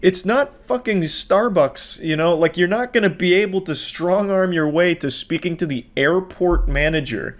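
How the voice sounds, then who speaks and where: A man's voice: a little high, moderate pace, hardly any pauses. A man hosting a casual reaction commentary, sarcastic and profane. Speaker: commentary channel host.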